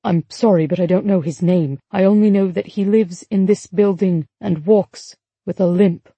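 A woman voicing a young British airman, feverish and weak, who speaks low and haltingly. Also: warm tone, husky, no echo, heavily acted. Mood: pleading.

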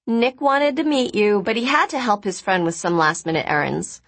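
A woman's voice: medium pitch, normal speed, fairly bright tone, pitched above the performer's own voice. A woman voicing a polite young woman who is a somewhat bewildered guest at a family dinner.

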